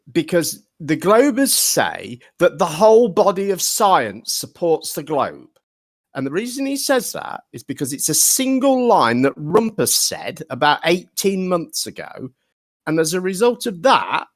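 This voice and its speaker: A man's voice: on the high side, no room sound, clean studio sound. A man arguing his point in a heated online debate, insistent and lecturing, repeating himself to drive a claim home. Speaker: debater on a live stream.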